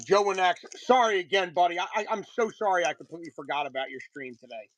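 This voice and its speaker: A live-stream host selling card breaks, chatting casually and greeting viewers by name, with a voice that is getting a little hoarse. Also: mid-range voice, fast talker, a bit bright, no echo, soft background music, low-quality recording.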